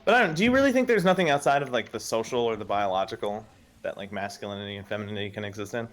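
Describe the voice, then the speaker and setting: A man's voice: on the low side, expressive, very fast. A man talking as a guest on a live stream, hesitant and full of fillers as he builds his point. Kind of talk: casual debate chat.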